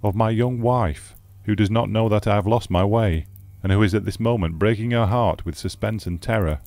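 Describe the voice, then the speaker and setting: A man's voice: fairly low pitch, normal speed, a little mellow, no room sound, close to an everyday voice. A man voicing an impatient young husband in an audiobook, urgent and pleading. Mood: anxious. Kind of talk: audiobook character reading.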